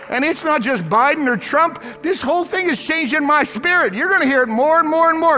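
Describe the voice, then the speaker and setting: A male pastor preaching with passion, hammering key phrases again and again. His voice sits very high with a bright, forceful edge. It rings out with long reverb in a big hall, and a congregation murmurs faintly behind him. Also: expressive, normal speed, few pauses, some chatter behind, slight background noise. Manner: impassioned, repeating phrases for emphasis. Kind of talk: sermon.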